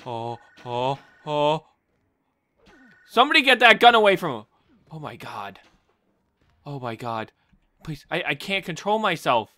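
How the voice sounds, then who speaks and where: Excitable gamer with a lively, bright voice. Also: mid-range voice, unhurried, long pauses. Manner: excitable, yelps and shrieks at sudden events; talks to self, swearing and laughing. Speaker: gameplay commentator. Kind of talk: let's play commentary.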